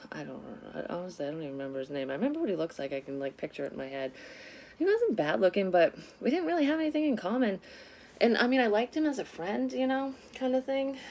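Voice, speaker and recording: A woman casually telling a personal story to camera, candid and animated, with frequent swearing. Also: mid-range voice, fast talker, slight background noise.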